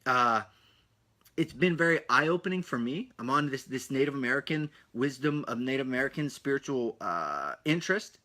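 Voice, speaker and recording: A man hosting a solo podcast, talking in an energetic, rambling way with punchy asides and a slightly breathless edge. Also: medium pitch, normal speed. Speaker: podcast host.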